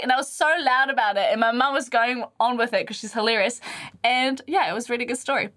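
A woman's voice: a little high, very fast. A woman co-hosting a podcast, telling stories with lots of laughter and acted-out voices. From French. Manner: animated storyteller, laughs often, acts out voices. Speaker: podcast co-host. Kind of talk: casual chat.

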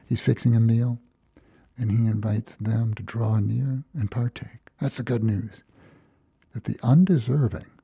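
A man's voice: medium pitch, vocal fry, mellow, husky, no echo. A man from Minnesota preaching a reflective, storytelling sermon as a pastor, acting out the quoted lines.

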